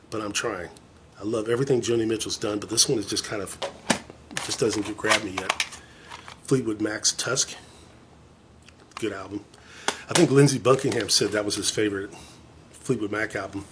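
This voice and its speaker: A man's voice: on the low side, a bit bright, slight background noise. A man chatting casually to camera as a vlogger, rambling and enthusiastic with a self-deprecating streak. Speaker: vlogger showing his record collection.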